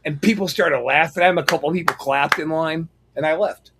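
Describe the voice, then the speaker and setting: A man with a somewhat high voice, chatting casually on a podcast. He tells his stories with animated energy and swears freely. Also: brisk, gravelly, background noise. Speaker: podcast co-host.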